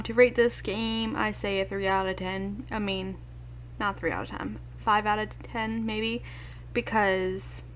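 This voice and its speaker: A young woman giving let's play commentary as host, excitable and yelping at the game. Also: medium pitch. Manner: excitable, yelps and shouts at the game. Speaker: gaming video host.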